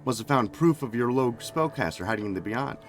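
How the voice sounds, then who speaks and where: A man's voice: medium pitch, animated, brisk, faint music behind, pitched above the performer's own voice, close to an everyday voice. A man voicing a smug wealthy lord. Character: pompous wealthy middle-aged lord, smug father.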